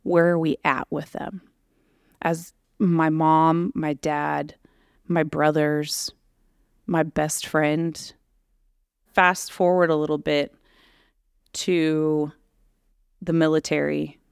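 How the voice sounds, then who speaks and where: A woman hosts a podcast and tells her own story in a candid, halting way, with lots of fillers. Her voice is low and gravelly, and she speaks slowly. The sound is dry and close. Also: no echo. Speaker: podcast host. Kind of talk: personal storytelling.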